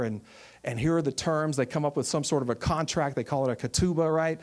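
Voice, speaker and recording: A little fast and fairly high-pitched, a man from Texas who runs a ministry gives a personal testimony in a sermon. He tells it animatedly, acting out the voices of the people he quotes.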